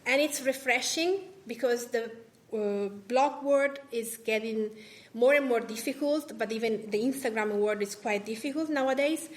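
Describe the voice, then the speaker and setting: A woman's voice: on the high side, moderate pace. A woman from Italy with an Italian accent, a food writer and podcast host talking on a live panel, chatty, with many fillers and restarts. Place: cultural association event room.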